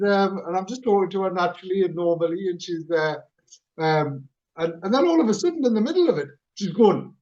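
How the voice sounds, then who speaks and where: Speaking a little fast in a high voice, a middle-aged man hosting a relaxed radio chat show animatedly recounts a story and laughs at himself. The audio comes across dull.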